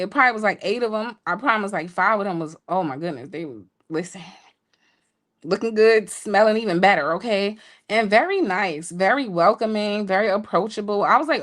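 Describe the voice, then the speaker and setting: Woman telling a funny story on a podcast, playful, voice shoots way up when she quotes folks. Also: fairly quick. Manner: animated, jumps high when quoting people; laughing, playful asides to listeners. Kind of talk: casual storytelling chat.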